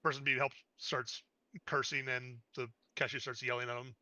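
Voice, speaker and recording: A man's voice: medium pitch, level tone, normal speed, bright, forceful tone, no echo. A man narrating as game master of a tabletop game, describing the scene with frequent fillers.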